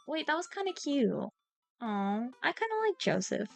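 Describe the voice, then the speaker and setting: A young woman streaming a game, reading its lines aloud and chatting in a giggly, scattered, excitable way. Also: sits high, normal speed, gravelly, faint music behind.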